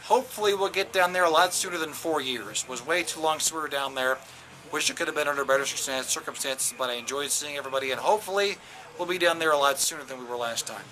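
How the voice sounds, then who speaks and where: A man's voice: fairly high pitch, fast, bright, forceful tone, soft background music. A man who works as a radio DJ, giving a casual, jokey walking tour of a station's offices and studios, with lots of fillers and restarts, recorded on a handheld camera indoors.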